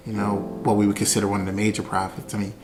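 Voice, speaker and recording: Flat-toned husband giving halting testimony. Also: male voice, fairly low pitch. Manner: halting, relaxed, many "you know"s. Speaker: husband sharing faith story. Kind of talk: personal testimony. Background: soft guitar music.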